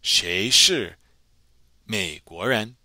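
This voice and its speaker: A man teaching a recorded language lesson, patiently explaining grammar and repeating phrases slowly for learners to copy. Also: fairly low pitch, animated, bright, forceful tone, dry recording. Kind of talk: pre-recorded lesson narration.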